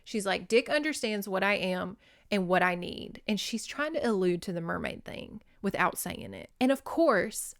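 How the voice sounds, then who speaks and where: A woman, hosting a casual book recap podcast. She talks in an animated way and slips into exaggerated voices whenever she quotes the characters. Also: medium pitch, measured pace. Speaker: podcast host.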